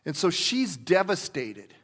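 A pastor preaching in a relaxed, conversational way, often restarting his sentences and acting out quotes. His voice sits high for a man. A long hall reverb trails behind every word. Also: a little slow. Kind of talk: sermon.

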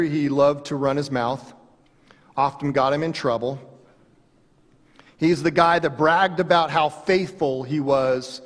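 A man's voice: medium pitch, long reverb tail. A man pastor giving an earnest, conversational sermon.

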